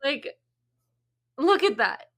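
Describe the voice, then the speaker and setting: A young adult woman vlogger gives casual reaction commentary, tired but chatty and laughing often. Her voice is bright and a little high. Faint music plays behind her. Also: big pitch swings, takes it slowly. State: tired after work.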